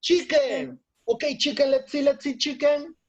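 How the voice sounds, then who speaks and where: A woman's voice: high-pitched, normal speed, a little mellow, dull audio. A woman teaching English vocabulary to children in an online lesson. She is encouraging, repeats phrases and switches into Spanish. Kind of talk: online lesson for young learners.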